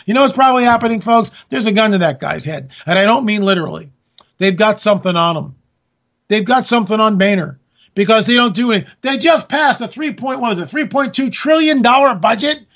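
A man's voice: sits high, animated, fairly quick, fairly bright tone. A man hosting a political talk radio show, ranting and sarcastic, talking straight to his listeners. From California.

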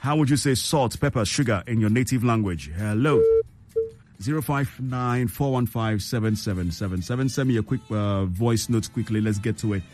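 A man's voice: lowish voice, moderate pace, darkish tone, faint music behind. A man with a Ghanaian English accent hosting a radio call-in show, playful and teasing, laughing often. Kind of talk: casual radio chat with a caller.

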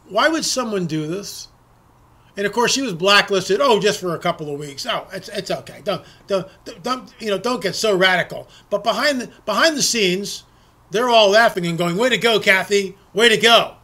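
Male talk radio host, high bright voice, indignant rants that stumble over repeated words. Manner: indignant, ranting, repeats words while restarting. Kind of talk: political talk radio commentary.

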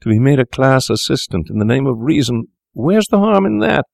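A shaken, panicking young student, as a male reader puts him on, his lines strained and cracking upward. The voice is pitched well above the reader's deep natural tone, recorded dry and close. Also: big pitch swings, a little fast, gravelly, no echo. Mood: panicked.

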